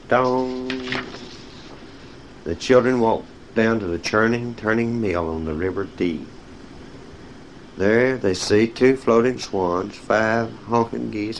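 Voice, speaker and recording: Low-voiced man reading picture books aloud. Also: slight background noise, low-quality recording. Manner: speaks directly to young listeners, cueing page turns. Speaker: storyteller. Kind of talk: reading children's stories aloud.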